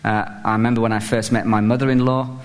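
A British man preaches a humorous sermon, chatty and self-mocking with lots of fillers, building up to fervent emphasis. His medium-pitched voice moves little in pitch, he speaks quickly, and there's a long reverb tail.

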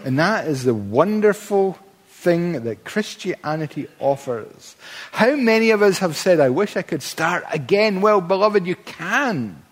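A man delivers a sermon in a church, his slightly high voice pressing each point with stammered restarts. He climbs to fervent, ringing peaks. The sound hangs in a long hall reverb. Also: expressive, unhurried. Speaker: preacher.

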